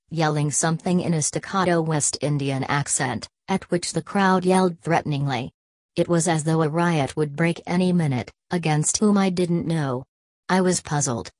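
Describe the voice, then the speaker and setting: A woman narrating a novel as an audiobook in a steady, measured reading. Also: deep voice, dry recording.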